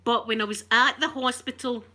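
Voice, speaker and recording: A woman's voice: a little high, fairly even intonation, normal speed, bright, forceful tone. A Scottish woman chatting on an ASMR live stream, ranting with animation and swearing freely. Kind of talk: casual live-stream chat.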